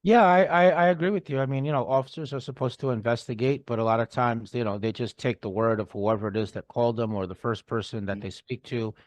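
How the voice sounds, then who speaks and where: A man's voice: medium pitch, fairly even intonation, fast talker, few pauses, no room sound. A man hosting a podcast interview, responding in an agreeing way with frequent fillers. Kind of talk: conversational interview.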